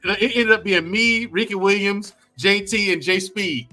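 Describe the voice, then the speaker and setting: A man on a podcast panel, telling animated stories and laughing as he talks. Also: high-pitched, a little slow, faint music behind. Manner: animated storyteller, laughs while talking. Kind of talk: casual panel chat.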